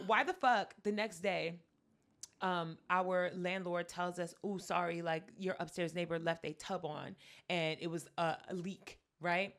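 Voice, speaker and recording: Podcast co-host, woman, bright and lively, acts out every quote. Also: on the low side, unhurried. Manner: animated, acts out quotes loudly, laughs often. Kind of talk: casual storytelling chat.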